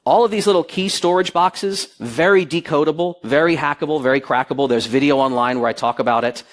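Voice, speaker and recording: A man's voice: on the high side, brisk. A middle-aged man speaking on stage at a security conference, telling stories and acting out the dialogue in them. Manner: animated storyteller, acts out quoted dialogue. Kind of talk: lively conference talk. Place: conference hall with audience.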